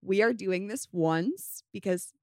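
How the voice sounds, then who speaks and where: A young woman in her twenties hosts a casual podcast, talking in a chatty, upbeat way with a light valley-girl lilt. Her voice sits at an ordinary pitch for a woman. It is recorded close and dry, with no room sound. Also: slow, dry recording. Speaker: podcast host.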